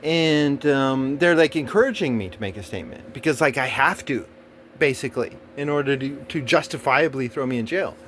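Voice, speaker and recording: At a normal pace, a man with a mid-range, fairly bright voice and lively intonation tells a personal story, a little hiss or hum audible behind him. He rambles in a casual monologue, cursing often and getting tangled in fillers and restarts.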